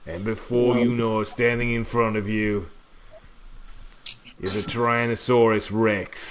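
A man narrating a tabletop game as game master, low and slow as he describes the scene. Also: steady tone, background noise.

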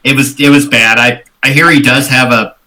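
A man's voice: medium pitch, steady tone, normal speed, heavy background noise. A man playing his character in a tabletop game, mild, polite and dryly apologetic. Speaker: player.

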